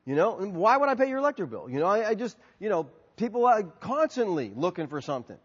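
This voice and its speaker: A male pastor answers questions from the pulpit, his pitch rising and falling as he tells stories and plays every part himself. His voice is high and a little husky. It rings out into a big reverberant hall on a dull, muffled recording. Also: fast. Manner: animated storytelling, acting out both sides of dialogues. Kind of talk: sermon Q&A.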